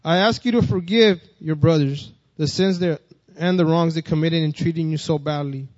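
A man's voice: on the high side, moderate pace, a little mellow, dry recording, highs cut off. A man preaching a sermon. He reads scripture and then talks plainly, repeating and restarting phrases, and his voice rises when he reads verses.

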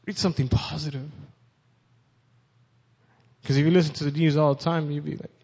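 A man's voice: on the high side, flat delivery, fairly quick, darkish tone, breathy edge. A man preaching a sermon, reading scripture aloud with rising force and speaking directly to his listeners. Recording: dull sound with long reverb.

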